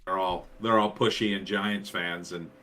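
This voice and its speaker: A man from New Jersey chatting casually, his voice bright and forceful and pitched a little low. He rambles along with plenty of fillers as he talks on a stream. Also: fairly even intonation, normal speed. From New Jersey, USA. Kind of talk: casual chat.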